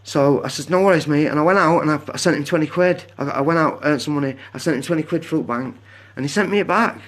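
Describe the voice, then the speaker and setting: A man's voice: a little high, fast talker. Rambling man live-streaming. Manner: rambling, drifts onto tangents. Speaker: livestreamer. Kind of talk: casual live-stream chat. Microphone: phone.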